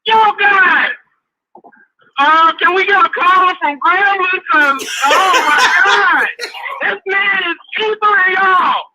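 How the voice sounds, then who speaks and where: A caller on a live sports show who reacts loudly, laughing in disbelief. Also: very high voice, takes it slowly, low-quality recording. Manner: laughing, loud and incredulous. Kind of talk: call-in banter.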